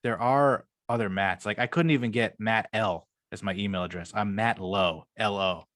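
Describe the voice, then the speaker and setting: Low-voiced man rambling and swearing. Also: moderate pace, fairly bright tone, dry recording. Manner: loose and rambling, swears a lot. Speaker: podcast co-host. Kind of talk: casual chat.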